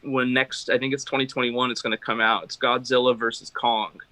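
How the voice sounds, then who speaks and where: A man's voice: medium pitch, little pitch movement, fairly quick, a crowd in the background, rough recording. A man, a guest drum maker, talking casually in an interview with many fillers and restarts.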